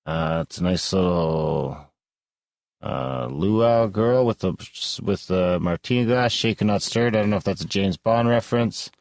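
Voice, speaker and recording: A man's voice: low voice, unhurried, vocal fry, darkish tone, dry recording. A man co-hosting a podcast, joking and teasing in casual chat. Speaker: podcast co-host.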